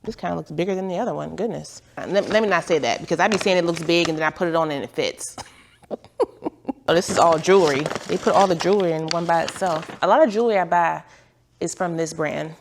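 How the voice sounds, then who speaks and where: A woman's voice: lowish voice, fast, noisy background. A woman vlogger chatting casually at home while unboxing packages, rambling and laughing at herself, with a lilt. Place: home, on the couch.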